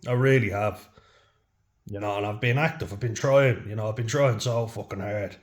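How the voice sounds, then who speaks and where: Frank, swearing Irish man, low voice. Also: moderate pace. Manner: frank, heavy swearing, frequent "you know". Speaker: vlogger. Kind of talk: casual chat to camera.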